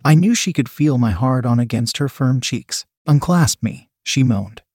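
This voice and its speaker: A man reading an erotic story as narrator in a steady, even voice. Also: medium pitch, moderate pace, breathy edge, dry recording, clean studio sound.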